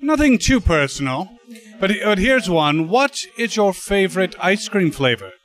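A man's voice: high voice, very animated, a little slow, fairly bright tone. A man interviewing a guest, friendly and casual, asking questions.

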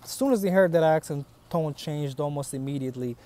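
A man's voice: on the high side, a little fast, mellow, slight background noise. A man in his thirties with a foreign accent, talking bluntly and casually to camera, swearing as he tells stories. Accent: foreign accent in English. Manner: blunt, profane, storytelling. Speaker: vlogger.

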